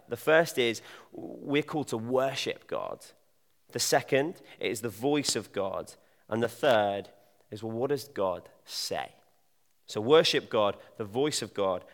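Chatty preacher from in a reverberant hall. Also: male voice, mid-range voice, a bit bright. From Devon, England. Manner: chatty, jokey, addresses audience directly. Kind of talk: informal sermon.

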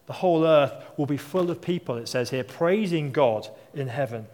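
A man's voice: on the high side, expressive, moderate pace, a little mellow. A man in his thirties or forties preaching a sermon, telling stories in a conversational way and asking rhetorical questions. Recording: long hall reverb.

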